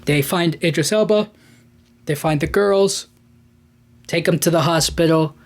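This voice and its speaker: A man's voice: on the high side, unhurried. Rambling podcast host man. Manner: rambling, animated, lots of fillers and restarts. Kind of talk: casual movie recap.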